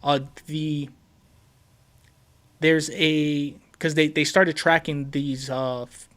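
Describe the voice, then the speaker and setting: Hosting a casual sports podcast, this Puerto Rican man takes his time, speaking slowly in a voice on the higher side for a man. He's excited all the same, tripping over and repeating words and leaning on fillers.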